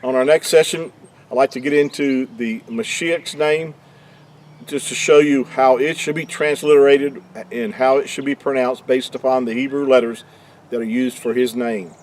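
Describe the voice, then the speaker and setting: Male teacher, mid-pitched, halting delivery with frequent restarts, explanatory tone. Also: fairly even intonation, slight background noise. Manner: halting, restarts mid-sentence, many fillers. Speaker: religious teacher.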